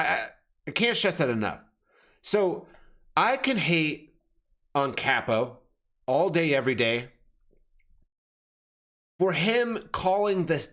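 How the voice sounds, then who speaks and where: A man's voice: on the high side, fairly bright tone. A man giving blunt, casual commentary on crypto charts, swearing, calling viewers "fam" and often correcting himself mid-sentence. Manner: self-correcting, restarts phrases.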